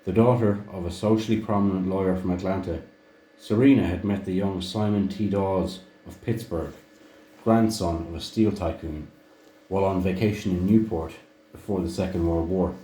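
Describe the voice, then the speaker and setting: A man reading a book aloud in a measured way, now and then restarting a phrase. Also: deep voice, warm tone. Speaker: audiobook reader. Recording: echoey room.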